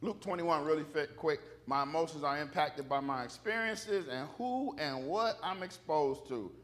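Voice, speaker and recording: A man's voice: on the high side, moderate pace, a bit bright. A man preaching a sermon in a church, emphatic and joking, driving call-and-response with the congregation. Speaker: pastor.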